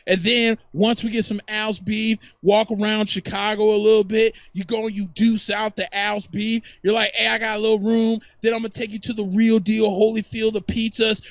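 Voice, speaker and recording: A man co-hosting a podcast, chatting casually with boastful, animated rants. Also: high voice, no room sound. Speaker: podcast co-host. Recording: dull lo-fi dry mic.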